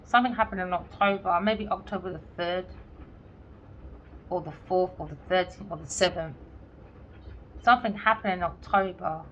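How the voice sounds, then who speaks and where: A tarot reader gives a casual reading, blunt and sarcastic, swearing freely and acting out imagined dialogue. Her voice is on the low side, at normal speed, with frequent pauses, and the lo-fi audio is slightly dull with faint background noise.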